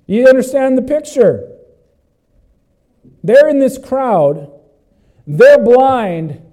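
A man preaching a sermon, emphatic and repetitive, asking the congregation questions and swinging between loud cries and low, intense passages. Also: expressive, drawn-out words, rough recording. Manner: repeats phrases, asks the congregation questions. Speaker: pastor.

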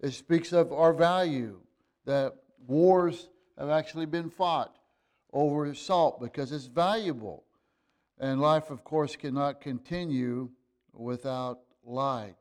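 A man preaching a sermon, reading scripture aloud and explaining it in a halting way, with fillers and restarts, rising to emphatic bursts. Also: on the high side, darkish tone. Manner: reads scripture in old-fashioned wording.

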